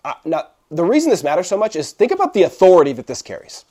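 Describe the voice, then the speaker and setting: A young man preaching a sermon in a relaxed, conversational way. His voice sits a little higher than most men's and rises and falls a great deal, and he keeps checking in with his listeners as he explains. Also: brisk. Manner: casual and animated, checks in with the audience often. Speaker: pastor.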